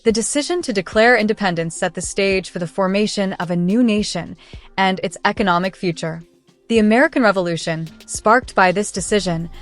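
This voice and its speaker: A woman reads a scripted fact countdown at a mid pitch, smooth and steady with no fillers or slips. Soft music sits faintly beneath her. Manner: smooth, evenly paced read with no fillers. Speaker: narrator. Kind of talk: scripted documentary-style narration.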